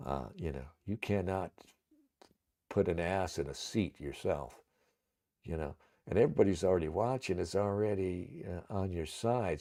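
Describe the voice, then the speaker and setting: A man's voice: sits low, creaky, warm tone. A man hosting a livestream, talking in a rambling, casual way, with many fillers and much cursing. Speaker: livestream host.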